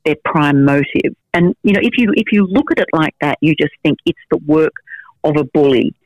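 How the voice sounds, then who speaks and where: A woman's voice: low voice, normal speed, dry recording. Frank aussie woman reporter, chatty, lots of ums, dry muffled radio sound. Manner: animated, frank, many fillers and restarts. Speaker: investigative journalist, guest. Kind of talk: storytelling interview answers.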